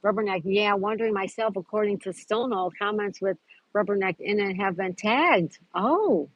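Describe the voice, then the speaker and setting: A woman's voice: mid-range voice, normal speed, no echo, rough recording. A woman hosting a casual live stream outdoors at a park, chatting and greeting viewers by name as she reads their comments. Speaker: livestream host.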